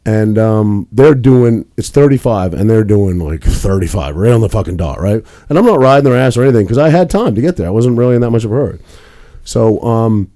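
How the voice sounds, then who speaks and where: A man's voice: on the low side, lively intonation, brisk, warm tone. A young man co-hosting a podcast, telling a rambling story in casual chat with plenty of swearing. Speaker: podcast co-host.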